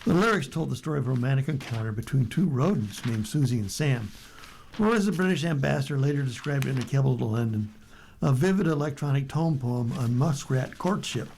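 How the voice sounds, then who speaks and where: A man's voice: medium pitch, lively intonation, fairly quick, vocal fry, a little mellow, a little hiss or hum, rough recording. Man reading the news aloud. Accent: American. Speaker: radio reading service reader. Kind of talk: reading newspaper articles aloud.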